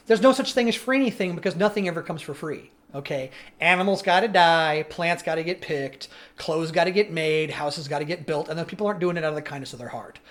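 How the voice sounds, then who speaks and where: A man's voice: high-pitched, a bit bright. A man co-hosting a podcast, ranting bluntly and profanely in casual opinion chat. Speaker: podcast co-host.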